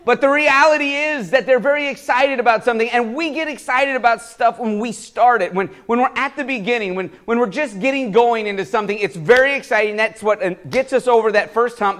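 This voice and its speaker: A male pastor giving a sermon in a church, animated and chuckling, often repeating words as he restarts a thought. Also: very high-pitched, fairly quick, few pauses.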